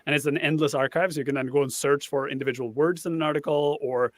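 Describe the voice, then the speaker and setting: A man's voice: fairly high pitch, fairly even intonation, fast talker, dry recording. A man, a guest on a casual panel chat, explaining a tool at length and thinking aloud as he goes.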